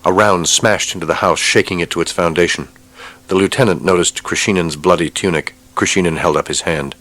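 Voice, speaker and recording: A man narrating an audiobook with a steady, measured reading. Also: deep voice. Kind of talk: scripted narration.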